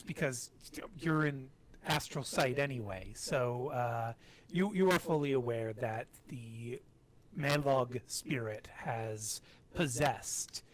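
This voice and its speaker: A man running a tabletop role-playing game as game master, talking in a rambling, hesitant way with many fillers. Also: mid-range voice.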